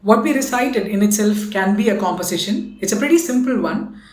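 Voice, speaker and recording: Speaking in an Indian English accent, this woman teaches rhythm, counting patiently and reciting konnakol syllables as she explains. Her mid-range voice is animated, brisk and a little mellow, and the room is audible.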